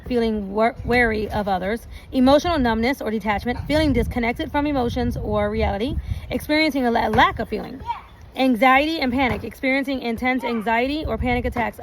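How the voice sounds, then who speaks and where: A woman recording a relationship vlog outdoors, reading out points slowly and adding chatty asides. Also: a little high, poor audio. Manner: reads lists slowly, adds chatty asides. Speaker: relationship vlogger. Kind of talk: casual talk, reading points aloud. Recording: outdoor recording with noticeable background noise.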